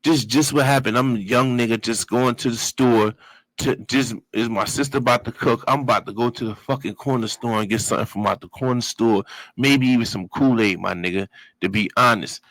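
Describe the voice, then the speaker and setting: Animated man telling a story. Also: mid-range voice, a little fast, dry recording, low-quality recording. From Brooklyn, New York. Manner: animated, profane street talk with vocal sound effects. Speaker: guest telling his life story. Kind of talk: casual storytelling.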